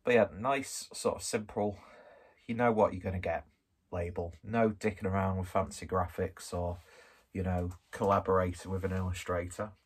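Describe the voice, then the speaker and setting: Low-pitched and slightly rough, his delivery stays flat at a normal speed. The man, a Skelmersdale native from northwest England, meanders through a casual beer review, cracking jokes at his own expense.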